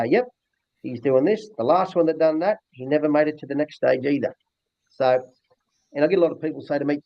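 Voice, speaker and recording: In a relaxed interview, a dog trainer, an older Australian man, rambles in a blunt, earthy way. His fairly high voice comes through a dull, dry, lo-fi recording.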